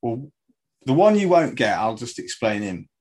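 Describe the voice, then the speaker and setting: A man's voice: mid-range voice, very animated, normal speed, a little mellow, low-quality recording. A man co-hosting a casual football podcast, setting trivia questions with frequent laughs. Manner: quizzing with trivia, laughing often. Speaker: podcast co-host.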